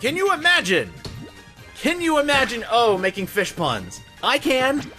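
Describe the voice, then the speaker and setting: A man's voice: very high voice, big pitch swings, measured pace, sharp tone. A man hosting a let's play, giving goofy, self-mocking gameplay commentary. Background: game music.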